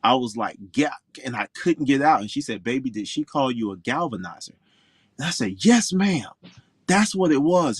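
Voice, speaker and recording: A man's voice: mid-range voice, no room sound. Outspoken man from Florida, dry sound. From Orlando, Florida. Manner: outspoken, emphatic, animated storyteller. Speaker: pro golfer guest. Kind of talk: interview storytelling.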